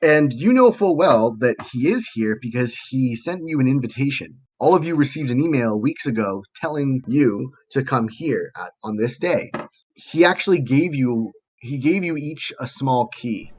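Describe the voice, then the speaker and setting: A man narrating a tabletop game as game master in a casual, halting way with fillers. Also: medium pitch, animated, a little mellow, husky.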